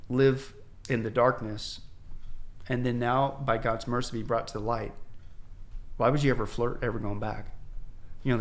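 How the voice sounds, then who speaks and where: A male pastor from the United States, guest on a podcast, telling his conversion story in an animated way, acting out the voices of people he quotes, with frequent restarts. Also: mid-range voice. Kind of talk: candid testimony storytelling. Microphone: podcast microphone.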